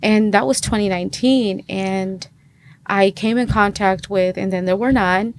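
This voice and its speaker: A woman's voice: medium pitch, steady tone, a little slow, a little hiss or hum. A woman in her thirties, a podcast guest, chatting through a personal testimony and acting out the dialogue she quotes. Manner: chatty, acts out quoted dialogue, many fillers. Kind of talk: personal testimony in casual conversation.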